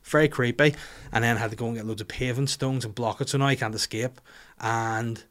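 Speaking a little fast in a mid-range voice, a podcast host with a Northern Irish accent chats casually, spinning a lively, foul-mouthed tale that pokes fun at himself.

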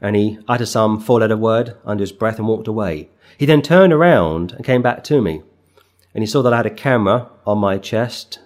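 A middle-aged man, a street preacher and pastor, giving an earnest, emphatic sermon on scripture that builds to forceful bursts. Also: fairly low pitch, expressive, a little fast.

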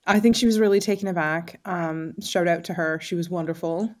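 Brief: woman podcast co-host, lower voice, dry wry humor, relaxed chat. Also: fairly quick. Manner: wry, deadpan jokes. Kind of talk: casual chat.

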